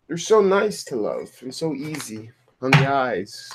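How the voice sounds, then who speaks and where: A man's voice: medium pitch, big pitch swings, unhurried, heavy background noise. A man rambling in a solo vlog, mumbling to himself in an affectionate, self-mocking way. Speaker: vlogger.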